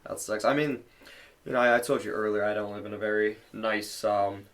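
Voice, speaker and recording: Young dude on a podcast just rambling, lots of likes and ums. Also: male voice, fairly low pitch, steady tone, fairly quick, background noise. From Cleveland area. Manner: loose, rambling, lots of fillers. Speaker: podcast co-host. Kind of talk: casual chat.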